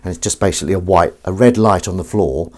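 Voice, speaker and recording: A man's voice: sits low, fast, darkish tone. A man chatting casually on a live stream while washing up, rambling and self-mocking, sometimes cooing at his cat. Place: home kitchen. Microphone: desk microphone.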